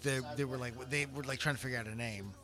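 A man's voice: mid-range voice, fairly even intonation, quick pace, music in the background. A man with a slight Pittsburgh accent hosting a casual podcast, rambling and full of ums, laughing easily. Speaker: podcast host.

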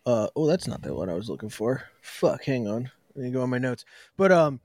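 A man's voice: medium pitch, sing-song, a little fast, a little mellow, dry recording, clean studio sound. A man co-hosting a podcast, telling stories in crude casual chat with frequent laughs. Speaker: podcast co-host.

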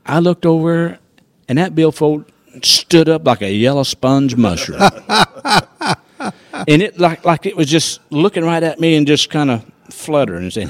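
A man telling a personal faith testimony in a folksy, animated storytelling manner. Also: a little high, normal speed, no echo. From rural farming background. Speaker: guest sharing testimony.

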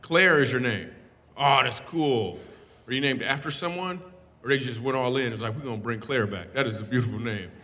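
Here a man with a sharp-toned, mid-range voice performs stand-up at a moderate pace, holding a handheld microphone. His crowd work is playful teasing mixed with frequent laughter. It's a live comedy show in an echoing hall, with an audience whose laughter comes through faintly.

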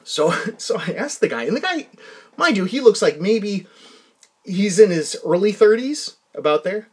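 Male solo podcast host, fairly high and very animated voice, rambling self-mocking storyteller who mutters asides. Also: normal speed, slightly rough. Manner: rambling, self-deprecating anecdotes with frequent restarts; drops into quiet muttered asides.

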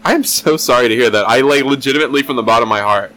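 Bright-voiced joking man. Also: mid-range voice, rapid-fire. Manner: joking, laughs often, swears. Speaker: podcast co-host. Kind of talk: casual podcast chat.

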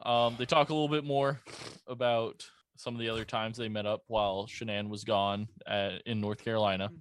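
A man's voice: fairly low pitch, fairly even intonation, brisk, clear, resonant tone. A man hosting a podcast, giving backstory and fact-checking the readers in casual narration. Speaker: podcast host. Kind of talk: casual narration between readings.

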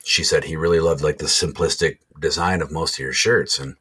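Very deep-voiced man telling rambling stories. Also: steady tone, fairly quick, pushed and bright, slightly rough. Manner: rambling storyteller, swears casually. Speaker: podcast co-host. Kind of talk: casual podcast chat.

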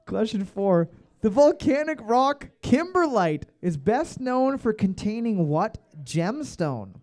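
Lively high-voiced man hosting trivia. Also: slow pace. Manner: joking, animated, reads questions twice. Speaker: trivia host. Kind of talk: casual bar trivia hosting.

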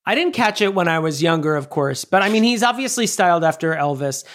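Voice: medium pitch, fairly quick. Emphatic podcast co-host in casual chat. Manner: animated, emphatic, swears casually.

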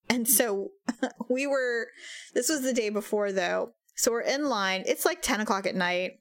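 A middle-aged woman with a slightly high voice chats casually on a podcast, acting out every person in her story as she goes. She laughs easily and keeps the energy up. The sound is close and dry. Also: moderate pace, no echo. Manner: animated storyteller, acts out quoted voices, laughs often. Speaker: podcast co-host. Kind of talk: casual chat.

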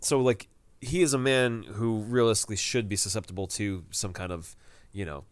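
A low-pitched man chats casually as a podcast co-host, walking through an episode scene by scene. He slips into quick impressions of the characters as he goes. His voice sounds close and dry, with no room around it. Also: dry recording. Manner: animated, retells scenes with quoted lines. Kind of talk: casual TV recap chat.

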